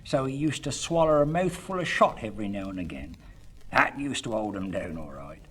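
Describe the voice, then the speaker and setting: A man's voice: medium pitch, very animated, a little fast, a bit bright, breathy edge. A man with a rural southern English accent spinning comic country yarns in a drawling dialect monologue, with chuckling asides.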